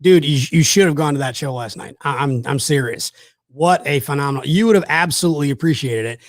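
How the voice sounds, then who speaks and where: Guy rambling happily on a chat show, kinda high voice, dry sound. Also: brisk, no room sound. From South Georgia, USA. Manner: rambling, enthusiastic storytelling with many fillers. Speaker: host. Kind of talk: casual chat.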